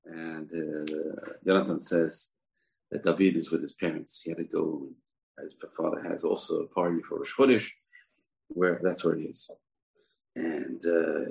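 A man teaching a religious lesson, retelling a scripture story in a loose, animated way and acting out the characters' quotes. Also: low-pitched, moderate pace, vocal fry, low-quality recording.

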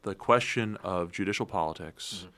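A man speaking as a guest in a political interview, measured and analytical, often repeating words as he thinks. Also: deep voice, fairly bright tone. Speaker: guest commentator.

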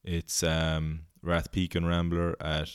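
Irish male podcast host, low and smooth, dry booth sound; loose comic rambler who swears freely. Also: completely flat delivery, takes it slowly, dry recording. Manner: rambling, swearing, goofy put-on voices. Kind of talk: casual comedic monologue.

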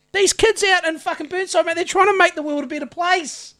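A man's voice: very high voice, bright, forceful tone. Ranting, sweary New Zealand man. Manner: sarcastic, profane ranting. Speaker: podcast co-host. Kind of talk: casual podcast banter.

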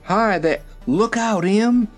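Reader doing an old farmer, loud raised warnings, faint music. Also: mid-range voice, moderate pace, pitched above the performer's own voice, lightly acted. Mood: alarmed. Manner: blurting exclamations. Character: old farmer, gruff and alarmed.

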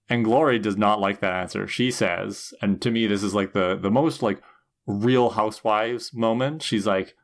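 A man's voice: fairly low pitch, normal speed. Man animatedly recapping an episode. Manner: animated retelling, acting out character lines. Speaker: podcast co-host. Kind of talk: casual recap chat.

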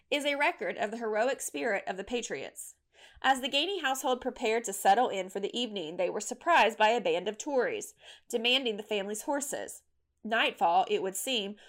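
Woman narrating history with a higher voice. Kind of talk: scripted narration.

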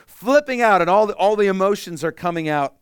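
Man, pastor, sermon, conversational, smooth voice, dry sound, hushed then animated. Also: high-pitched, fairly quick, dry recording. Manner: conversational preaching, swings from hushed to loud and animated.

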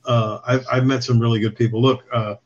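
A man's voice: medium pitch, little pitch movement, brisk, darkish tone. A man guest telling stories in casual chat, rambling and swearing with chuckles. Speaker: podcast guest. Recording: slightly dull lo-fi recording.

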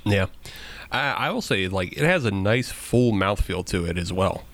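A man's voice: lowish voice, animated, normal speed, fairly bright tone. A man hosting a casual beer-tasting podcast, joking and laughing often as he talks. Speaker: podcast host.

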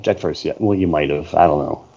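A man's voice: extremely low pitch, brisk, vocal fry, warm tone. A man co-hosting a casual podcast chat, laid-back with dry quips. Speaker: podcast co-host. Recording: dull lo-fi sound.

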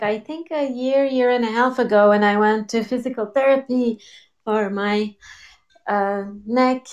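A woman's voice: medium pitch, darkish tone. A woman co-hosting a casual chat show, telling stories with frequent laughs. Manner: laughs often, chatty storytelling. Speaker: co-host.

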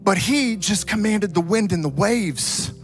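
A man preaching a sermon, telling a story dramatically and swinging from loud to hushed. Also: sits high, measured pace, faint music behind. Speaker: pastor.

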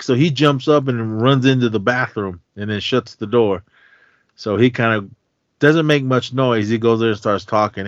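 A man's voice: medium pitch, moderate pace, dry recording, lo-fi sound. A man hosting a podcast, casually retelling a movie's plot in a rambling style full of fillers. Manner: rambling, filler-heavy storytelling. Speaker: podcast host.

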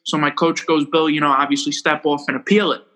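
Young male ballplayer guest, slightly high, bright, rambling storyteller. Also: poor audio. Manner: rambling, animated, quick to laugh at himself. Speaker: baseball pitcher guest. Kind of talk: casual storytelling interview.

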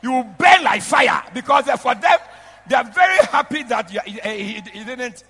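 A man, a bishop preaching a lively sermon in a large church, shouting out to the congregation and breaking into laughter. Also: very high-pitched, moderate pace, slightly rough, some chatter behind. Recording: long reverb of a church hall.

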